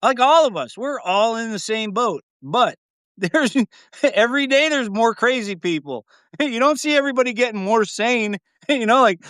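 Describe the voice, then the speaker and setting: Smooth-voiced man chatting on a livestream. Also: sits high, lively intonation, normal speed, fairly bright tone, no echo, clean studio sound. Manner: profane, laughs often, trails off and restarts. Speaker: livestream host. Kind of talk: casual rambling livestream chat.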